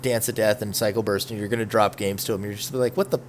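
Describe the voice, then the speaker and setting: A man's voice: on the low side, little pitch movement, very fast, a little hiss or hum. A man hosting a casual gaming podcast, talking in a chatty, opinionated, rambling way. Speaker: podcast host. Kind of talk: casual esports podcast chat.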